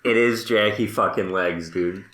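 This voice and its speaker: Podcast co-host, male, bright tone, roomy sound, storyteller who laughs a lot. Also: lowish voice, a little slow. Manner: laughs often, tells stories with quoted dialogue. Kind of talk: casual chat.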